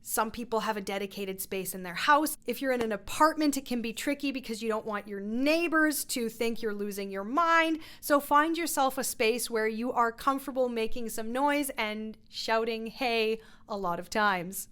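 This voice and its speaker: A woman's voice: a little high, normal speed, hardly any pauses, fairly bright tone, clear, resonant tone. A woman vocal coach teaching a voice lesson in a playful, encouraging way. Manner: instructive.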